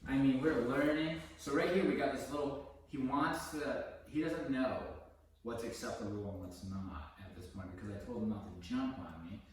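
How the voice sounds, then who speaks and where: A man working as a dog trainer, explaining his methods casually during a session and breaking into high, excited praise for the dog. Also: moderate pace, recorded from a distance, slight background noise. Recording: echoey room, voice from off the mic.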